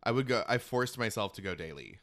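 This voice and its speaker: A man hosting a casual podcast chat, campy and animated, telling stories with lots of laughter while eating. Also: on the low side, brisk. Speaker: podcast host. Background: eating while talking.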